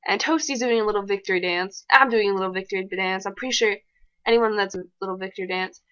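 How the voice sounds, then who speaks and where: Woman, casual game commentary, fast excitable chatter, mid-pitched, lo-fi sound. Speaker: gameplay commentator.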